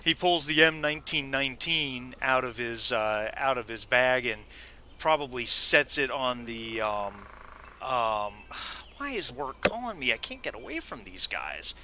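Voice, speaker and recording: A man's voice: mid-range voice, lively intonation, a little slow, background noise. A man running a tabletop game as game master, often restarting his phrases.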